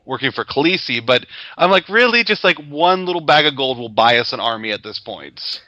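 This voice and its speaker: Bright-voiced man on a dull, dry mic. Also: medium pitch, brisk, dry recording. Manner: thoughtful, many likes, brief agreeing replies. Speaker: podcast co-host. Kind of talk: casual gaming podcast chat.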